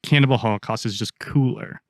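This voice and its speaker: A man's voice: medium pitch, fairly quick, no echo, clean studio sound. A man co-hosting a podcast, telling stories in casual chat with a loose, swearing manner. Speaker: podcast co-host.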